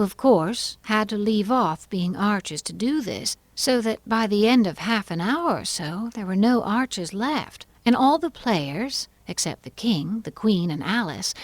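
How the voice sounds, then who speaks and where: A woman narrating an audiobook in an even, clear storytelling manner. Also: mid-range voice, no echo. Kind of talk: scripted narration.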